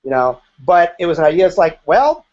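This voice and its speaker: Frank, high-voiced man recalling his past. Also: very animated, a little fast, a little mellow, dull audio. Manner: frank, candid, occasionally profane. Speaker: interview guest, former group member. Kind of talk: casual interview storytelling.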